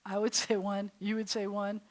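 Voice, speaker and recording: Middle-aged woman, rabbi teaching Hebrew, chatty and animated, mid-range voice, laughs often. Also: medium pitch, moderate pace. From New York. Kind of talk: classroom teaching.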